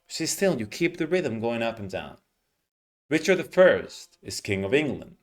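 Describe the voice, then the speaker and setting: A man teaching English pronunciation, explaining patiently and modeling words slowly with clear stress. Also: lowish voice, expressive. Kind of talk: teaching lesson, explaining reading aloud.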